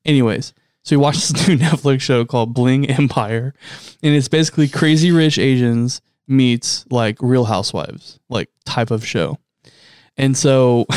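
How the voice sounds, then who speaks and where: A man's voice: mid-range voice, darkish tone, clean tone, dry recording, studio quality. Laughing, swearing man in casual chat.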